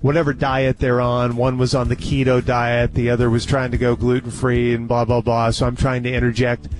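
A man in his forties telling a long anecdote in casual chat, animated and laughing often. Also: medium pitch, brisk, soft background music. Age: 40s.

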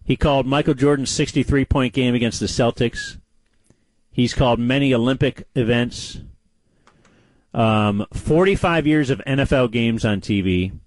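A man co-hosting a casual sports chat show, telling stories with animated delivery. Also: normal speed, no room sound, low-quality recording. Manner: animated storyteller, lively pitch. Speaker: co-host.

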